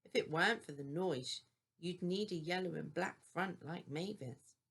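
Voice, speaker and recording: A woman's voice: on the low side, moderate pace, gravelly, fairly bright tone, husky, full character voice. An older woman voicing a cheeky, boastful male engine with a cocky manner in a storybook.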